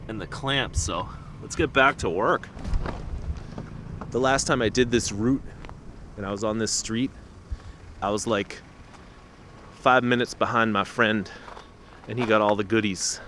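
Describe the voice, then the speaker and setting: A man chatting to the camera while trash picking outdoors at night, excitable, through a small camera-mounted mic. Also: medium pitch, a little hiss or hum. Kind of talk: casual vlog narration.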